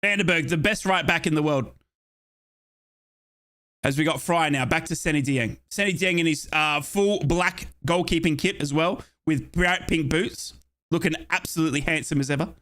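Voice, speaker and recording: A young Australian man giving chatty, excitable live play-by-play of a football match as a fan commentator, with playful asides. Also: on the high side, moderate pace.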